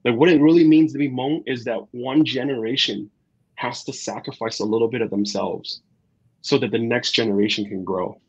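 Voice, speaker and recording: A man with a slightly husky voice, talking as a guest chef in a casual interview. He tells his stories with energy, jumps into the voices of the people he quotes and fills pauses with "like" and "you know." The recording is a bit dull and lo-fi. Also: medium pitch. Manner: animated storyteller, acts out quotes, many fillers. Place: Twin Cities area.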